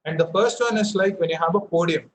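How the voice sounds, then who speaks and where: A young man from India speaks quickly in a high-pitched voice as he teaches public speaking via a headset mic, demonstrating emphasis amid frequent fillers and restarts. The audio quality is poor.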